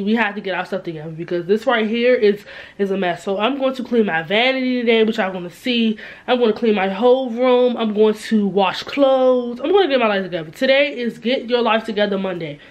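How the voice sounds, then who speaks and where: A fairly quick, medium-pitched woman's voice carries this casual vlog. She's in her twenties, filming herself and chatting with lots of fillers and remarks to viewers, first while in a shop, then back in her bedroom.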